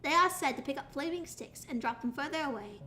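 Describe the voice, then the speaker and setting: A woman putting on a mock announcer voice to read out a fact card in a lower, deliberate tone. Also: expressive, bright, forceful tone, soft background music. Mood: mock-formal.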